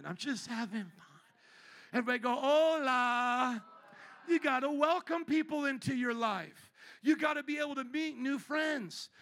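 A man's voice: very high-pitched, vocal fry. A male pastor preaching a sermon in church, teasing and joking with the congregation. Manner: playful, teasing, animated preaching. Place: church sanctuary.

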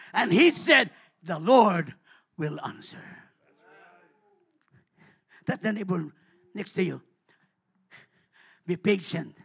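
Male pastor, gravelly and husky, preaching and shouting hallelujahs between phrases. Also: high-pitched. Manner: swings from hushed asides to shouted exhortation. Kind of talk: sermon. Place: church.

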